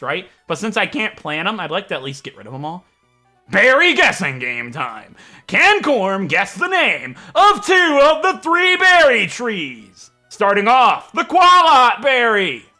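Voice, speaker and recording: A man hosting a let's play, giving jokey, excitable commentary with mock game-show announcing. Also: high voice. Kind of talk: gameplay commentary.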